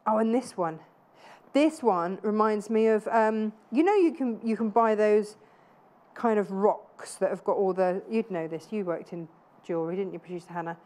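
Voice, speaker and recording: A woman's voice: mid-range voice, moderate pace, a little mellow. A woman in her thirties presenting live TV sales in a chatty, gushing way with self-deprecating asides. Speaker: shopping channel presenter. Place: TV studio.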